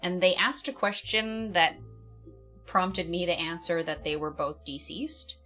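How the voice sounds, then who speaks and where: A woman's voice: on the low side, a little slow, pushed and bright, soft background music. A woman casually telling an awkward personal story, rambling and often laughing at herself.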